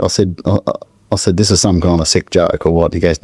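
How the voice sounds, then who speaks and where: A middle-aged man with a halting manner, recounting a painful personal story as a podcast guest. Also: low-pitched, steady tone, darkish tone, husky, dry recording. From Australia. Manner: halting, searching for words, with restarts.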